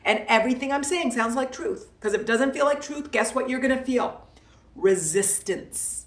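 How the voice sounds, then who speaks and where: Playful woman, higher voice, roomy sound. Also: lively intonation, normal speed. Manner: playful and emphatic, with lots of repetition. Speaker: live-stream host and self-help coach. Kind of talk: casual motivational talk to a live audience. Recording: roomy echo, voice from a distance from the mic.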